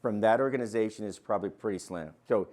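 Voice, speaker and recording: An older man teaching a real estate class, energetic and quizzing his students with questions. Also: lowish voice, fast. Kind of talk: interactive classroom lecture.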